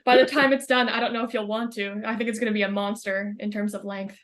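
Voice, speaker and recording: A young woman guest on a podcast, chatting casually and thoughtfully, often pausing to search for words. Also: mid-range voice, steady tone, fairly bright tone. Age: young adult. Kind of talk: casual chat.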